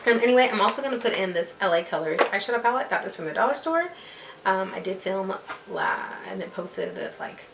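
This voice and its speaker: A woman's voice: on the low side, creaky. Young woman, casual self-deprecating beauty vlogger, rambling chat to camera, roomy echo. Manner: chatty, self-deprecating, laughs at herself. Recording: echoey room with faint music.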